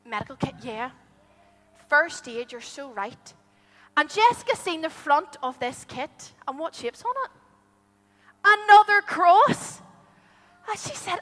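A woman telling a story to a group of children, animated and asking them questions as she goes. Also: high-pitched, a little slow, pauses often. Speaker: children's storyteller at a church holiday club. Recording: long hall reverb.

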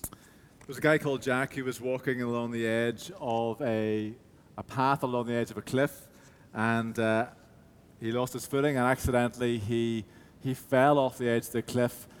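A man's voice: mid-range voice, steady tone, moderate pace, big-room sound, a little hiss or hum. A man preaching a sermon, telling a story with hesitant restarts before moving into reflective teaching.

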